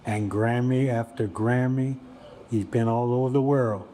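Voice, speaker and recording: Slow-talking seventy-something bishop. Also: male voice, mid-range voice, steady tone, mellow. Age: 70s. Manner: unhurried, reflective, acts out quoted voices. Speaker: bishop on a music panel. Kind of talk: panel storytelling.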